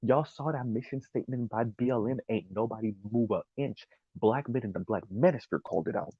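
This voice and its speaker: A man delivers a sarcastic, emphatic commentary monologue in a husky, mid-pitched voice. The sound is dry and dull, like a lo-fi home recording. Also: brisk, no echo. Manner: emphatic, sarcastic, laughs at his own points.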